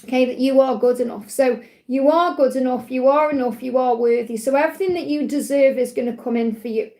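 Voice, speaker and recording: High-voiced chatty woman host. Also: brisk, warm tone. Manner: chatty, reassuring, keeps checking in with "okay?". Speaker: spiritual reader hosting a live Q&A. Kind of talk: casual livestream reading.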